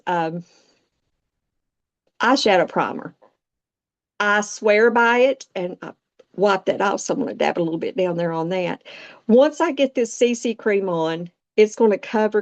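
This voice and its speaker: Heard over dull audio in a mid-range voice, a makeup vlogger of sixty talks directly to viewers with folksy chatter. Her Southern Appalachian American accent comes through as she runs a casual makeup tutorial.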